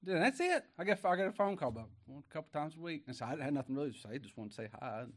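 A middle-aged man preaching a folksy sermon, moving from quiet asides to emphatic raised lines. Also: a little high, very animated, very fast. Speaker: pastor.

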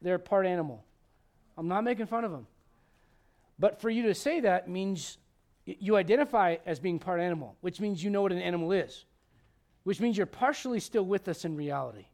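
A pastor preaching a conversational sermon, joking, asking the congregation questions, and swinging between loud emphatic lines and quiet asides. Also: male voice, high-pitched, lively intonation, a little fast. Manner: humorous, asks the congregation questions.

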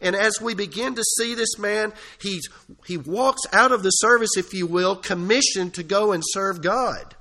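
Pastor, male, bright high voice, earnest sermon delivery with emphatic swells. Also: normal speed. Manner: earnest preaching, rising to emphatic peaks. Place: church.

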